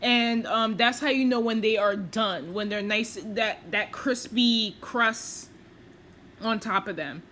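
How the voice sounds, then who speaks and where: Her voice is slightly high with a sharp tone, and she takes it slow while chatting over her cooking video. She's self-deprecating and heavy on fillers while explaining each step, with slight background noise.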